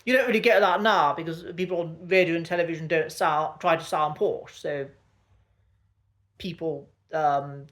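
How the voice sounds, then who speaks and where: A British man with a posh English accent talks through a casual lesson in a thoughtful, unhurried way. He pauses often with ums and uhs and restarts his sentences as he gathers his thoughts. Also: a little high, fairly even intonation, a bit bright. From Britain. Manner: thoughtful, many fillers and restarts. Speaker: accent coach.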